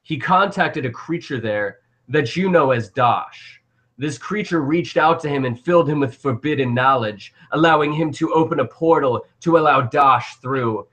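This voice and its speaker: A man voicing an old male guardian who tells an ancient tale slowly and grandly. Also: on the high side, a bit bright, natural voice. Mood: lofty.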